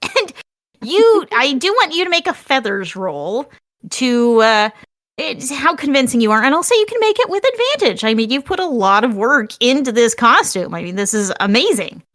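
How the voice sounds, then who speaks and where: A woman's voice: sits high, sing-song, normal speed, fairly bright tone, no echo, studio quality. A woman running a tabletop game as game master, laying out options step by step in an upbeat way.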